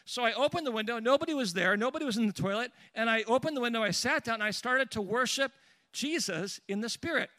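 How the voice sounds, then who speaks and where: A man preaching and telling a lively personal story, with restarts and asides along the way. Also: very high-pitched, fast talker, no room sound. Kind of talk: storytelling sermon.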